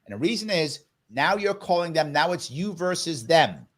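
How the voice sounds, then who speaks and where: A man's voice: fairly high pitch, big pitch swings, moderate pace, fairly bright tone. A man speaking as a guest in an interview, making his points in an emphatic, persuasive way. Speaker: political guest. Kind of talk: interview conversation.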